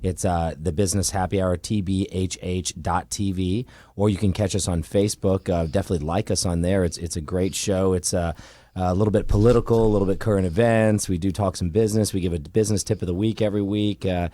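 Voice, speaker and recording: A man's voice: low-pitched, steady tone, fast talker, mellow, no room sound. A man who runs a mortgage company, speaking as a guest in a radio studio in an easygoing way, often repeating words as he starts. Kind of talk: casual radio interview.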